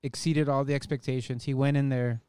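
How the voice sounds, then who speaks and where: A band member in casual conversation, reflective and rambling. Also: male voice, mid-range voice, little pitch movement, a little fast, a little mellow, smooth, no echo. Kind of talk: casual chat.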